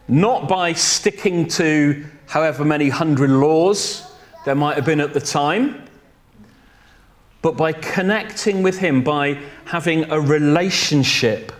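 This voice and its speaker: Slow, deliberate male preacher. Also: a little high. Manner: slow, deliberate delivery with self-corrections and light humor. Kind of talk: sermon.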